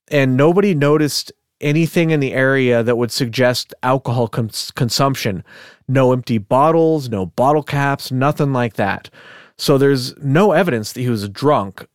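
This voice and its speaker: A man's voice: mid-range voice, no echo. Dry-sounding laid-back podcast host, a man. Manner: rambling, laughs often. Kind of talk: casual chat.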